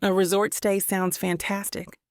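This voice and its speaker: A woman's voice: medium pitch, flat delivery, a little slow, darkish tone, no room sound, studio quality. A woman narrating a first-person romance audiobook in an intimate, reflective manner.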